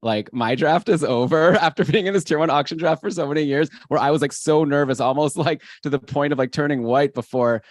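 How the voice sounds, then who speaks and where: A man hosting a fantasy hockey podcast, chatty and excitable, with energetic shouted openers. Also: a little high, brisk, few pauses, no echo, clean studio sound. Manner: hyped, energetic show opener. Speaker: podcast host. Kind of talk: casual podcast chat.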